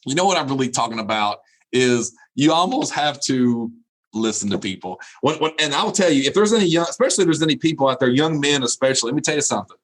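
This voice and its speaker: A man's voice: medium pitch, animated, fast, fairly bright tone, low-quality recording. A middle-aged man giving a humorous keynote speech. He laughs often at his own jokes and repeats phrases for emphasis. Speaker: keynote speaker.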